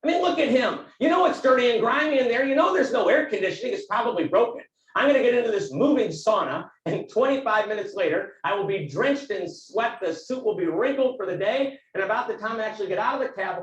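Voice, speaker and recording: A man giving a business talk as a keynote speaker, telling a story in a vivid, animated way. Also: high voice, a little fast, reverberant, recorded from a distance, dull audio.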